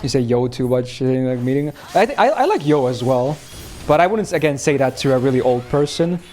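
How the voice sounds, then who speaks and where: A man's voice: medium pitch, animated, brisk, darkish tone. A young man from Finland chatting casually on a game stream, rambling and laughing as he answers chat.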